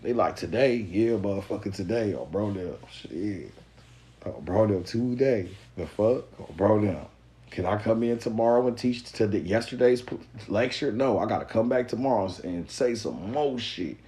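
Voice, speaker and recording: Profane, lively man. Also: lowish voice, moderate pace, rough recording. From Mississippi Delta. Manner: profane, animated, preachy. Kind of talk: casual live-stream monologue.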